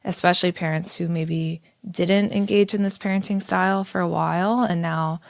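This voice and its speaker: Gravelly thirtysomething woman on a podcast, low pitched, animated storytelling. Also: normal speed, no room sound, clean studio sound. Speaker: podcast co-host. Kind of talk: casual conversational podcast.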